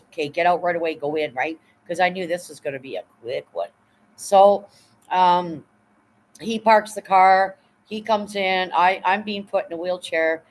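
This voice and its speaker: Casting: woman, 50s, low voice, livestream host, blunt chatty storyteller who swears freely. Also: low-quality recording. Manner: blunt, swears freely, many "right?" asides. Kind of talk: casual storytelling chat.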